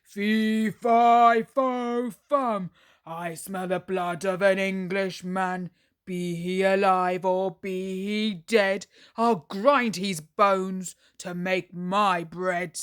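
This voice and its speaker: A woman voicing a huge, hungry, menacing male giant who booms his threats in a storybook reading. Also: steady tone, very slow, clean tone. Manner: booming, chanting threats.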